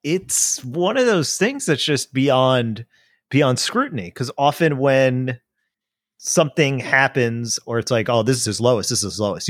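A man's voice: mid-range voice, no room sound, clean studio sound. Wry man reading news on a podcast. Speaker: podcast co-host. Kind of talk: casual chat, reading news aloud.

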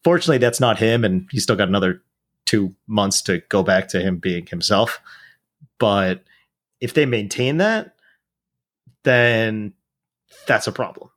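A man's voice: on the low side, animated, a little slow, long pauses, a bit bright. A man talking politics in a casual chat, blunt and profane, rambling with restarts.

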